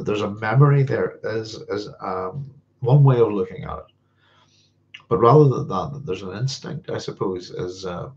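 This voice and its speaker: A man with a lowish, darkish voice and some vocal fry hosts a live science fiction Q&A. He answers viewer questions in a casual, rambling livestream chat full of fillers, restarts, and frequent chuckles, with dull lo-fi sound.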